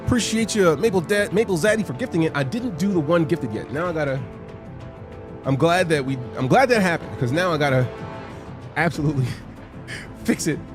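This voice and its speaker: A man streaming games live, chatting casually with his viewers, greeting them by name, excitable and swearing freely. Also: a little high, brisk, pauses often, over music. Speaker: game streamer.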